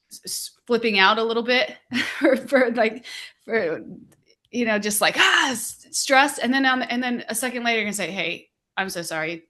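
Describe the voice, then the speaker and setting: Woman host in relaxed chat. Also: fairly high pitch. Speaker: podcast host. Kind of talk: casual reflective chat.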